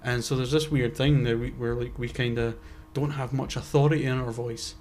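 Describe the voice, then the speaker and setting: A man's voice: medium pitch, steady tone, fairly quick, a little mellow, slight background noise. A young man co-hosting a podcast, rambling in casual chat with fillers and easy swearing. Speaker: podcast co-host.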